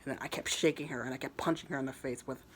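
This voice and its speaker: A man's voice: medium pitch, fairly even intonation, racing, a bit bright, a little hiss or hum. A man casually retelling his own fan fiction story, rambling and crude, often stumbling and restarting his words.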